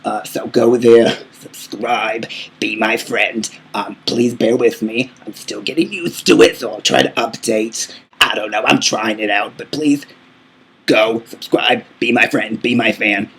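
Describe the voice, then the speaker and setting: A man's voice: mid-range voice, unhurried, a bit bright, husky, rough recording. A man playing a vain, aging female diva singer who boastfully calls everyone darling while answering fan questions in a comedic vlog. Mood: self-important.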